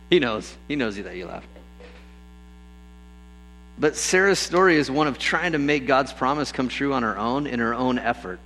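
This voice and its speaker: Animated male pastor preaching. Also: medium pitch, normal speed, rough recording. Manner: lively storytelling, acts out voices with bursts of excitement. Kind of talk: sermon.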